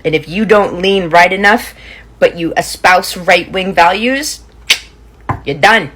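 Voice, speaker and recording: A woman's voice: fairly low pitch, a little slow, a bit bright, slight background noise. Dry, dismissive woman commentator. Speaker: host. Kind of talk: casual commentary.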